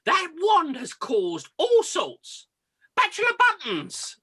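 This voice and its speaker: A woman playing a stern, shrill official. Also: huge pitch swings, takes it slowly, bright, forceful tone, heavily acted. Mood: announcing. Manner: stern, calls for order. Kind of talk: amateur pantomime acting.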